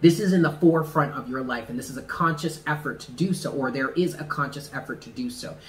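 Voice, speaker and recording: A man giving a casual tarot reading to the camera, talking in an animated, slangy way with swearing and laughs. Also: mid-range voice, fast. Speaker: tarot reader.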